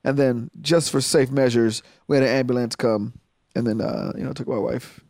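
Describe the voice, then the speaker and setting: A man co-hosting a casual podcast chat, an animated storyteller who keeps cracking jokes. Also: medium pitch, normal speed, no room sound, studio quality. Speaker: podcast co-host.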